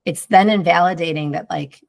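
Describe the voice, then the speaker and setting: A woman speaking as a guest in a relaxed, rambling conversation. Her voice is fairly low with a gravelly, fry-laden texture. She talks reflectively and fills her sentences with "like". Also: normal speed. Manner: rambling, heavy use of "like", reflective. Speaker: podcast guest, mother. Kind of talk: casual conversation.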